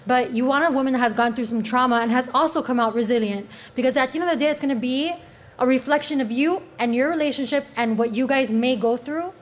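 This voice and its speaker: A woman's voice: high voice, fast. A woman with a Cuban accent, a panel guest speaking openly and earnestly in casual talk. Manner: open, candid, earnest.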